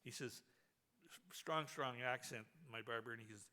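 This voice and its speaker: At a memorial, a man with a medium-pitched voice tells a funny anecdote at a fairly quick clip, animated in his storytelling and laughing along as he goes.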